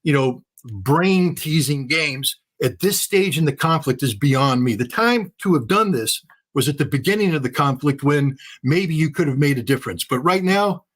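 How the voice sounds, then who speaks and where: A man speaking as an interview guest, talking fast and emphatically, hammering points home by repeating phrases. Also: on the high side. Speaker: guest commentator. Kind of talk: heated interview commentary.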